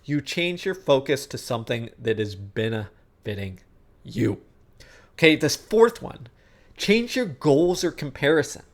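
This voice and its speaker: A man with a slightly raised pitch gives an instructional talk on sports psychology. He speaks conversationally and keeps checking in with the listener along the way. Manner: conversational, checks in with frequent "okay?" and "guess what?"; acts out inner thoughts in quoted asides. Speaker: coach.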